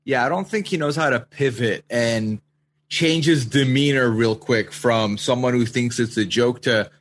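A man's voice: mid-range voice, normal speed, slight background noise. A man appearing as a podcast guest, giving exasperated, opinionated commentary in a casual chat.

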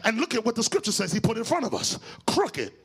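A man pastor, preaching a sermon that climbs from quiet teaching to shouted, sing-song preaching. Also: sits high, huge pitch swings, quick pace, husky.

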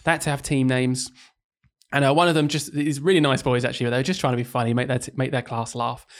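A man's voice: medium pitch, fast talker. A man, a primary school teacher co-hosting a podcast, chatting casually and telling stories with laughs. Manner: animated storytelling, acting out kids' voices with laughs. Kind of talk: casual chat.

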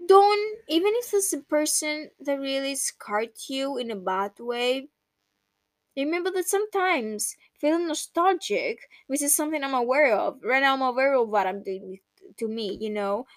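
Woman, young adult, high voice, dry close sound, reflective monologue, emotional, candid. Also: animated, normal speed, dry recording. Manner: emotional, candid, swears casually. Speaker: podcast host.

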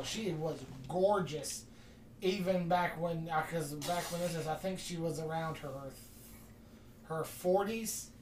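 A podcast host telling a long story in casual chat, rambling and animated, acting out the quoted dialogue. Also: mid-range voice, slight background noise. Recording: distant mic in an echoey room.

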